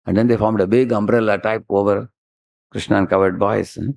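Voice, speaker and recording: A man with an Indian English accent preaches in a low, gravelly voice. He tells devotional stories with lively gestures in his speech and keeps prompting his listeners. The recording is dry and close-miked. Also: a little fast, no echo. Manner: animated storytelling, frequent "huh?" prompts. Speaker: spiritual teacher giving a lecture. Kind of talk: devotional sermon with storytelling.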